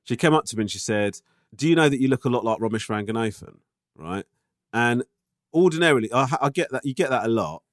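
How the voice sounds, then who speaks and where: A man's voice: mid-range voice, lively intonation, quick pace, no room sound, studio quality. Sweary, laid-back man. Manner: sweary, laughing storyteller. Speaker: podcast co-host. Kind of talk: casual chat and email reading.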